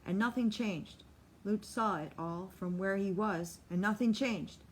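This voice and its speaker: A woman narrating an audiobook in a steady, measured reading voice. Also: medium pitch, slight background noise. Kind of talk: scripted narration.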